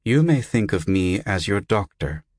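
A man voicing an unseen doctor whose recorded voice is flat and without intonation. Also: on the low side, a little slow, no echo, clean studio sound. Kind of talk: audiobook character voice.

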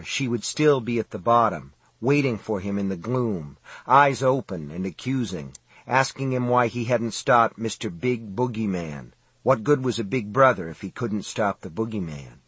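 A man narrating a horror audiobook in a measured, suspenseful reading style, close to the mic. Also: mid-range voice, fairly bright tone, breathy edge, no room sound.

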